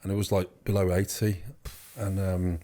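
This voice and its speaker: With a warm, low-sitting voice, level tone, and normal speed, a young adult tells his story as an interview guest. The storytelling is casual and rambling, packed with fillers and restarts.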